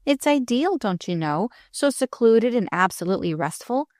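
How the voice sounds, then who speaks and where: A woman's voice: on the high side, animated, normal speed, a little mellow, no room sound, voice pushed up, lightly acted. Lady voicing a bored rich young guy, condescending and eager, very dry sound. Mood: smug.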